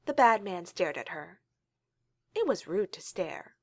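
A woman reads a story aloud in a calm, steady way. Her voice sits on the low side, and the recording is dry and close with no room sound. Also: a little slow, long pauses, no echo. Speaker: reader. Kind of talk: storybook reading.

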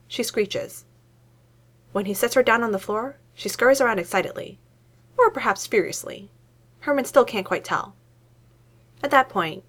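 A woman narrates a story aloud with a lively, animated lilt in her voice. Her delivery is expressive, giving the prose a storyteller's rise and fall. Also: mid-range voice. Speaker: story reader. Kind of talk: reading fiction aloud.

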